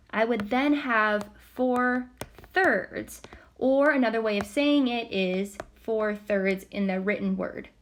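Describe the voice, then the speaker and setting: A woman teacher walking students through a recorded math lesson step by step, patient, counting aloud softly as she works. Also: a little high, slight background noise.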